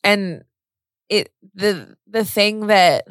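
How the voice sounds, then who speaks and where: A woman's voice: medium pitch, drawn-out words, no echo, clean studio sound. A young woman, co-hosting a podcast and talking candidly and emotionally, full of "like" and the odd swear word. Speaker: podcast co-host. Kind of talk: casual chat.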